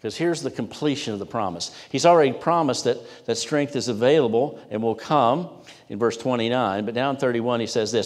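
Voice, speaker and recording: A man preaching a sermon emphatically, rising in pitch and volume when reading scripture and dropping low for asides. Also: brisk. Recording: long hall reverb.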